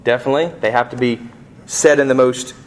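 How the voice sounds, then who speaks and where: A middle-aged man preaching a sermon, asking the congregation rhetorical questions and rising sharply in pitch and volume on emphatic points. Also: fairly even intonation, fast talker. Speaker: pastor.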